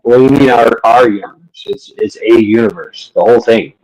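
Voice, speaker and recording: A man's voice: mid-range voice, a little fast, vocal fry, a little mellow, dry recording, rough recording. A man in a casual chat, blunt and matter-of-fact.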